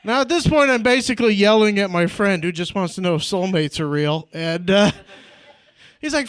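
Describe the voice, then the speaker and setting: A man's voice: sits high, expressive, moderate pace, fairly bright tone, smooth, no room sound. A young man from Indiana performing a stand-up comedy set, peppering his lines with "like" and "right?" and laughing at his own jokes. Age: young adult. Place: comedy club stage.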